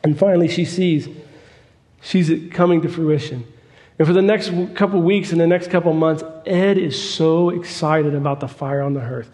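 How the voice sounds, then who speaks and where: A man preaching a storytelling sermon, folksy and emphatic and fond of repeating himself. His voice is mellow and dark, set slightly high. A long reverb hangs on every phrase. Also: moderate pace.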